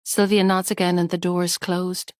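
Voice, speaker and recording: A woman's voice: on the low side, flat delivery, moderate pace, no echo, clean studio sound. Woman narrating a tense thriller. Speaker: audiobook narrator. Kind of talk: scripted narration.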